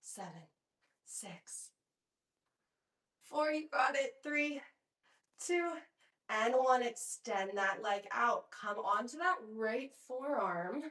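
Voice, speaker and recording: A woman's voice: a little high, lively intonation, takes it slowly, long pauses, a bit bright, recorded from a distance. A young woman leading a home pilates workout, counting reps and cheering people on between breaths. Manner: encouraging, counting reps, chatty asides. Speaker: pilates instructor. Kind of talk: guided workout instruction. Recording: echoey room, voice off-mic.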